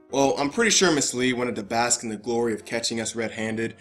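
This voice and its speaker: A man's voice: medium pitch, fairly quick, a bit bright, soft background music. A young man telling a personal story in casual vlog style, often stammering and repeating himself, swearing freely and laughing as he goes. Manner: stammering, profane, laughing asides. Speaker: vlogger.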